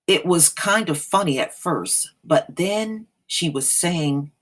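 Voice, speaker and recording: Slow, sassy woman commentator. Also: lowish voice, animated. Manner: sassy, blunt, slangy. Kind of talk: casual reaction commentary.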